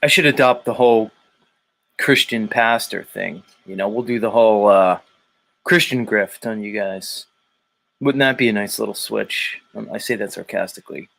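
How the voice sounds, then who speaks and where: A man's voice: on the low side, normal speed, gravelly, a bit bright, poor audio. A man with a Philadelphia accent who hosts a show, giving sardonic, musing livestream commentary that wanders off on tangents. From Philadelphia area, US. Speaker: show host.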